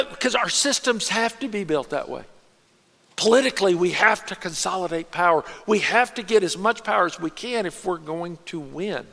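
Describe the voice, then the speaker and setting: Animated high-voiced preacher in a hall. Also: male voice, gravelly. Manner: animated, conversational preaching with quick put-on voices. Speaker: pastor. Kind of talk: sermon. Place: church auditorium. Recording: long reverb of a large church hall.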